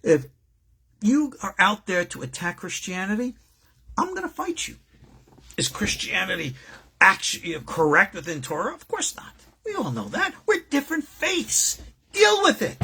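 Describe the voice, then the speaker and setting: A man's voice: high voice, vocal fry, sharp tone, slightly rough. A man, a rabbi, giving an informal, emphatic lecture to his students in a conversational, digressive way. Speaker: rabbi teaching his school.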